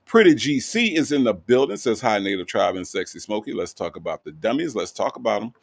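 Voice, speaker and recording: A man's voice: lowish voice, no room sound. A man hosting a casual livestream, reading out viewer comments and greeting each one by name. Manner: animated, greets chat with repeated hellos. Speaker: livestream host.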